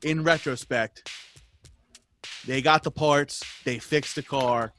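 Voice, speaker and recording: An animated man tells a story in loose, profane chat and laughs often. His voice is bright and forceful. Faint music sits behind him, and he sounds like he is on a video call. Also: medium pitch, slow.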